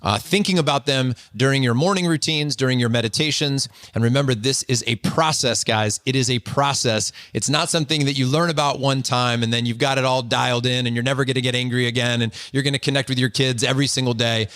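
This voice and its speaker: A man's voice: medium pitch, fairly even intonation, quick pace, hardly any pauses, a bit bright, clear, resonant tone, no echo. A man hosting an interview podcast, earnest and encouraging, speaking directly to his listeners. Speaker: podcast host.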